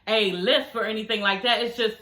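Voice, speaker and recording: Animated, bright-voiced woman vlogger talking slangy. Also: on the high side, fairly quick, echoey room. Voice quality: slightly slurred speech from new dental aligners. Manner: animated and slangy, laughs often. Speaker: reality TV review vlogger. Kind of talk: casual recap chat. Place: at home.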